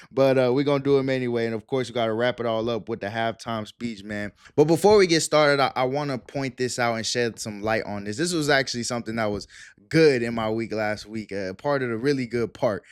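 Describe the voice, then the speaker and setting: A man's voice: medium pitch, clear, resonant tone, no room sound. A man in his twenties hosts his own sports talk show and rants in a loose, profane, heated way. His voice sits in a middle range and sounds dry and close, with no room around it. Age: 20s. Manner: profane, fired-up, animated ranting. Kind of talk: casual sports rant.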